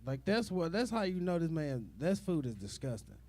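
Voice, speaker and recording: A man's voice: fairly high pitch, very animated, moderate pace, darkish tone. A young man doing a rambling, profane stand-up comedy set, full of fillers and asides to the crowd.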